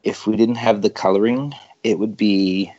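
Lower-voiced podcast co-host, laid-back, slightly muffled lo-fi sound. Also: male voice, steady tone, moderate pace, darkish tone. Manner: easygoing, self-deprecating. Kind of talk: casual chat. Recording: dull lo-fi sound.

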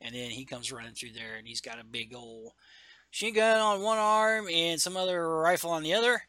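A man's voice: on the high side, expressive, moderate pace, pushed and bright, no room sound. A man co-hosting a casual chat, rambling through a comic book story with stumbles and self-corrections. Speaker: podcast co-host.

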